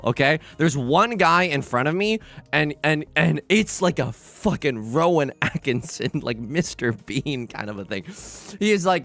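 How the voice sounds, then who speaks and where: A man's voice: a little high, gravelly. A man livestreaming and chatting casually, telling rambling stories full of restarts, swearing and asides. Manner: rambling animated storytelling with many restarts and swearing.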